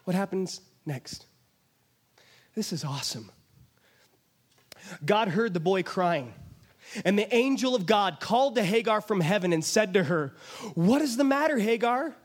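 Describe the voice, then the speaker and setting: A man's voice: high-pitched, lively intonation, unhurried, pauses often. A man preaching a sermon, retelling a scripture story with emphatic storytelling and acting out the voices of its people. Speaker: pastor.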